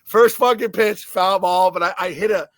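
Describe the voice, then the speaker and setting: A man co-hosting a sports podcast, an animated storyteller who swears in casual chat. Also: high voice, moderate pace, dry recording. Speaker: podcast co-host, former player.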